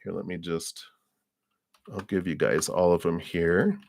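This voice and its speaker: A man with a very low voice gives a live tarot reading over the stream. He takes his time, wanders through his thoughts with plenty of "um" and "you know", and chuckles now and then. His voice sounds close and dry, with no room echo. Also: steady tone, gravelly. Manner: unhurried and rambling, with frequent fillers and soft laughs. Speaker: tarot card reader.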